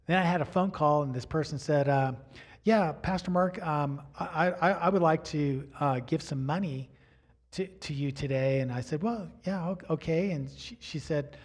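Middle-aged guy pastor, fairly high voice, chatty sermon, keeps asking right? you know?. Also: normal speed. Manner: animated storyteller acting out dialogue. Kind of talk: storytelling sermon.

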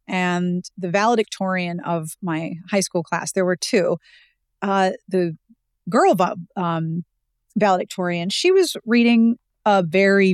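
A woman's voice: lowish voice, clean tone, no room sound, clean studio sound. A woman in her forties from Pittsburgh with no regional accent, a podcast guest telling stories in a wry, chatty way. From Pittsburgh, USA. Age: 40s. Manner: wry, storytelling, quick asides. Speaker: podcast guest, romance novel expert. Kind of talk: casual podcast chat.

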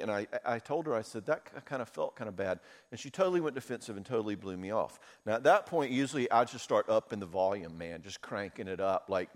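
A man giving a conference talk, telling personal stories candidly and with feeling. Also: mid-range voice. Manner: candid, storytelling, emotional. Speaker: conference speaker. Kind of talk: talk with audience Q&A. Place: conference hall. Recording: reverberant hall.

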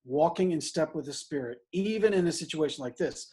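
Man, middle-aged priest, sermon, conversational, emphatic, husky tone, a bit high-pitched. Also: lively intonation, a little fast, dark tone. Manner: conversational, frequent "right?" asides, emphatic on scripture. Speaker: priest preaching.

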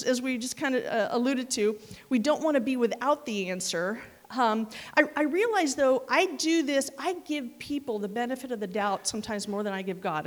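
A woman delivers a sermon with a lively, storytelling manner, jumping into voiced reactions and side comments. Her voice sits fairly high. The sound carries a long reverb from a large hall. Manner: animated storytelling with laughs and asides. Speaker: preacher.

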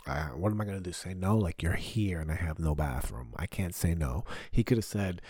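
A man's voice: low-pitched, brisk, few pauses, a little mellow, dry recording, studio quality. A man hosting a podcast from his home basement, telling a rambling, profane, crude comic story in casual talk. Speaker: podcast host. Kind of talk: casual comedic monologue.

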